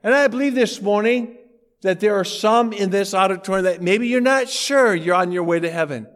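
High-voiced male pastor in a hall. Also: normal speed, fairly bright tone. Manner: conversational, telling anecdotes from the pulpit. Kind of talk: sermon. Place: church auditorium.

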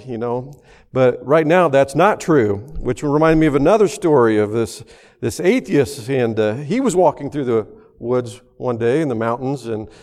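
A man's voice: mid-range voice, a little mellow. Guy pastor giving a sermon, rambly folksy storyteller, lots of uhs, big echoey church sound. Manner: folksy storytelling with many fillers.

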